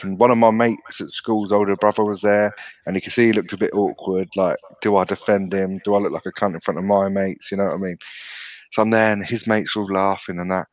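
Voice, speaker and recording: A man's voice: lowish voice, fairly even intonation, a little fast, no echo, rough recording. A British man, a podcast co-host, telling a sweary story in casual chat and laughing often. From England.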